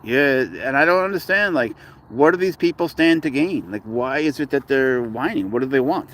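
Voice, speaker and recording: A man's voice: animated, moderate pace. A man from Canada hosting a pet livestream, chatting casually and in slang with viewers and greeting them by where they tune in from. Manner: slangy, shouts out viewers' locations; rises into high playful baby talk with his pet. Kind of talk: casual live chat with viewers.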